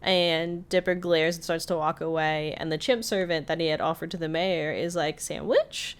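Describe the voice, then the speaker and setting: Woman retelling a cartoon, lower voice. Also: little pitch movement, clear, resonant tone. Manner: acts out characters' lines in quick voices. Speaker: podcast co-host recapping a cartoon episode. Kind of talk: casual chat, retelling scenes.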